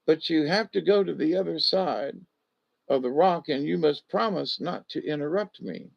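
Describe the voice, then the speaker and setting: A man voicing a dreamy, wise male lizard in a spoken animal story, jumpy at first and then calm and knowing, with a dull lo-fi sound. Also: fairly high pitch, normal speed, creaky, exaggerated voice.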